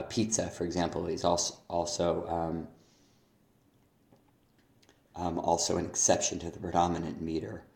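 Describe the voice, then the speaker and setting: A male teacher giving recorded feedback on a student's poetry assignment, halting with many fillers and restarts, reading verse lines aloud. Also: low-pitched, creaky, mellow. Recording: echoey room.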